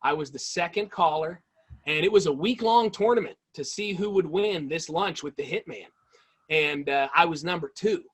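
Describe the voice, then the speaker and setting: A man being interviewed as a guest, telling animated, enthusiastic stories in a casual way. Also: fairly high pitch, normal speed, husky. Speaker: guest, toy-hunting video creator.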